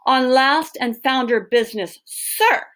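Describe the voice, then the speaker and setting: A woman's voice: high voice, slow pace, a bit bright, voice pushed up. A woman voicing a pompous, angry male hotel manager who barks and snaps his words. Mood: barking. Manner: barking, snappish.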